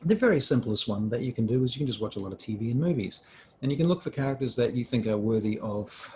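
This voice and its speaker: A man's voice: medium pitch, expressive, fast, a little mellow, slight background noise. A middle-aged man giving a casual, rambling lesson on acting for roleplaying games, often breaking off and restarting his sentences. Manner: rambling, self-interrupting. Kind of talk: casual instructional talk.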